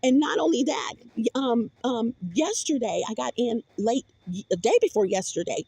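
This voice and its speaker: A woman's voice: fairly high pitch, normal speed, creaky, warm tone, slightly rough, no echo. A woman vlogger in a rambling, profane monologue with many restarts, recorded on a phone.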